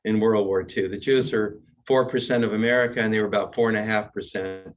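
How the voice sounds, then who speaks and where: An older man teaching as a rabbi, chanting a warm-up and then telling jokes in a wry storyteller's way. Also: on the low side, fairly even intonation, fairly quick, faint music behind. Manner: wry storyteller, chuckles at his own jokes. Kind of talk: class talk with joke-telling and chanting.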